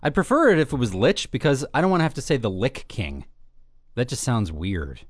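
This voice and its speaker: A man's voice: mid-range voice, huge pitch swings, fast, no echo, clean studio sound. A man co-hosting a casual podcast, rambling and playful with lots of fillers and restarts. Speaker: podcast co-host.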